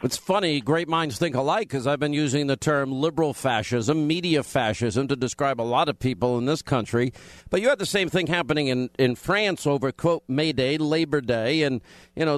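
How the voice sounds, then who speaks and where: Male talk radio host, bantering, combative, slightly high voice, dry studio sound. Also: no room sound. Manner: bantering, combative, quick-witted.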